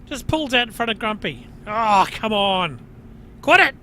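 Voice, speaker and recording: A New Zealand man grumbles through his dash cam commentary in a very high, cutting voice that leaps up and down as he rants. He talks about himself in the third person and keeps blurting out exasperated curses. A faint car hum sits underneath. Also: lively intonation, normal speed, pushed and bright. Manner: frequent outbursts and mild swearing. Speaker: dash cam channel host. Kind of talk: ranting commentary over dash cam footage.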